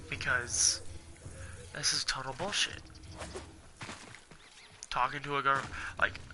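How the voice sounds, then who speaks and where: A man's voice: medium pitch, bright, forceful tone, slight background noise. A young man ranting heatedly to his viewers, swearing a lot and rambling as he vents. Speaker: gaming channel host. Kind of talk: angry ranting monologue.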